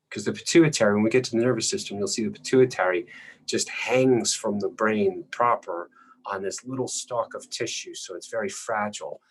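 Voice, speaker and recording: A male lecturer explaining anatomy patiently while drawing, often clearing his throat. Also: fairly low pitch, poor audio.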